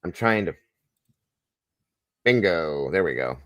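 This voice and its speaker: Deep-voiced man hosting a live stream. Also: lively intonation, slow pace, no echo, studio quality. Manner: shouts out viewers by name, jokey and upbeat. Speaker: livestream host. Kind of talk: casual live-stream chat.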